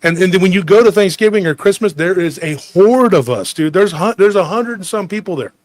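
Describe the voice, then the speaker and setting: A man from Texas hosting a podcast, spinning rambling stories about his family in casual chat. His voice sits a touch high and sounds dry and close. He slips into quick imitations of relatives and laughs often. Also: animated, no room sound. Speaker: podcast host.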